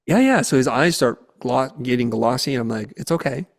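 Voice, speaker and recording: A man's voice: mid-range voice, brisk, gravelly. A man, a guest speaker, telling a story in a podcast interview and acting out the quotes in it. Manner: animated storyteller who acts out the quotes. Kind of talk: conversational storytelling.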